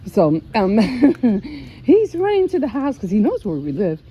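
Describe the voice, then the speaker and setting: A woman's voice: on the high side, wildly swooping pitch, unhurried, warm tone, slightly rough. An older woman chatting casually in a vlog, telling stories with frequent laughs and restarts. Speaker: vlogger. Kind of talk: casual chat.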